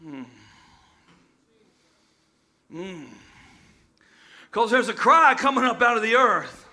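A man preaching a sermon in call-and-response style, often shouting and chanting his lines. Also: very high voice, sing-song, takes it slowly.

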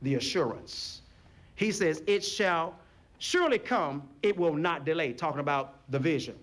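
This pastor's voice sits on the high side and moves at a normal speed. Preaching in the sanctuary, he plays out little scenes with lively character voices and calls on his congregation to answer back.

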